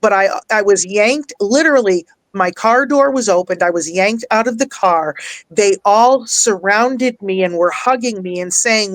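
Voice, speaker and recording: A woman's voice: medium pitch, unhurried, no room sound. Earnest storytelling woman, dry sound. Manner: earnest, animated, laughs often, repeats phrases for emphasis; emotional, near tears at times. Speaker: guest, life coach and minister. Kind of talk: emotional personal storytelling.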